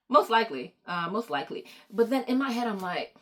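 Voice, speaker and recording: A young woman book vlogger chatting to camera, excitable and rambling, stopping to apologize for going off track. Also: a little high, quick pace. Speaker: book YouTuber. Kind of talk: casual chat to camera.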